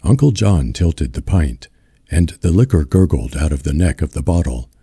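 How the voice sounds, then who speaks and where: A man reading a novel aloud as a slow, soothing audiobook narrator into a close mic. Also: rumbling low, very animated, mellow, slightly rough, no echo. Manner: slow, soothing ASMR delivery.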